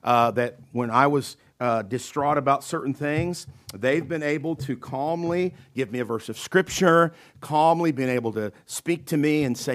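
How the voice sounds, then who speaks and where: A man's voice: mid-range voice, moderate pace, hardly any pauses. A man preaching a sermon in a conversational way, checking in with "okay?" and acting out the voices in the scripture he reads. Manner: acts out panicked and calm voices in quotes. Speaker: pastor.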